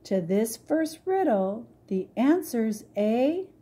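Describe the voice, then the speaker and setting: A woman's voice: a little high, sing-song, slow pace, warm tone, husky, pitched above the performer's own voice, exaggerated voice. A woman reading aloud voices a kindly, motherly fairy in a storybook, reciting in a sing-song rhythm. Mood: playful.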